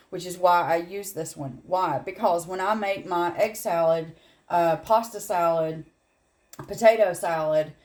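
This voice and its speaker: A woman's voice: medium pitch, darkish tone. A middle-aged woman with a Southern accent, hosting a home cooking video, chatting through a recipe with rambling asides and little laughs. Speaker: home cooking channel host. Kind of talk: casual cooking demonstration.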